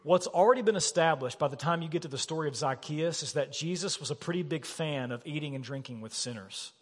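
High-voiced pastor preaching with emphasis. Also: male voice, fast. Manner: animated, emphatic, rhetorical questions. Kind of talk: sermon. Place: church sanctuary. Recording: long reverb of a church hall.

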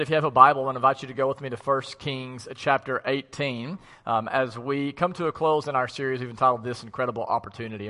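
Man, pastor, bright tone, conversational sermon, fillers, long hall reverb. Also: mid-range voice. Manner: conversational storytelling with frequent fillers. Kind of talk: co-preaching an online sermon. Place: empty church auditorium.

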